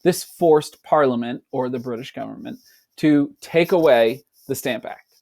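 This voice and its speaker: A man teaching a fourth-grade class, reading a passage aloud and explaining it, slipping into quick playful voices for the people in it. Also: medium pitch, creaky, a little mellow. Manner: breaks into quick, playful voices for kids and colonists.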